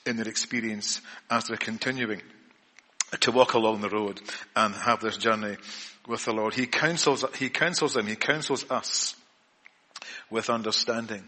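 A man's voice: fairly low pitch, steady tone, moderate pace, bright, forceful tone. A man preaching an evening church sermon in an earnest way, often repeating words and restarting. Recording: long reverb of a church hall.

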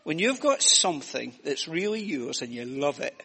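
A man's voice: a little high, sing-song, normal speed, sharp tone, breathy edge. An older Scottish man giving a chatty, self-mocking children's talk during a church service. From Scotland. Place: church hall. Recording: reverberant church hall.

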